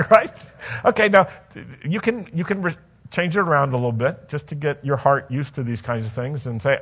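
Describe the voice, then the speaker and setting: A man's voice: a little high, normal speed, fairly bright tone, slightly rough, muffled recording. A man preaching a sermon in a conversational way, asking the congregation questions and telling stories from his own life. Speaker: pastor.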